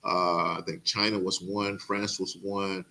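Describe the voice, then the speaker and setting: A middle-aged man from Mississippi hosting a podcast, speaking earnestly and haltingly with many "uh" fillers. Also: deep voice, little pitch movement, pushed and bright. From Mississippi, USA. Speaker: podcast host. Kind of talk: casual interview introduction.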